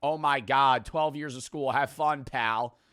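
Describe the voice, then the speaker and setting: A man's voice: medium pitch, unhurried, fairly bright tone, clear, resonant tone, dry recording, clean studio sound. A man with a generic American accent, reacting in casual commentary, rambling and swearing, with many restarts. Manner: rambling, profane, restarts often. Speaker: host reacting to a street interview.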